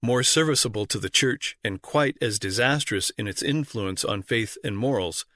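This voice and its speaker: A man reading a history audiobook aloud in a measured, formal narration style. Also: medium pitch, bright, forceful tone, no echo, clean studio sound. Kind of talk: scripted narration.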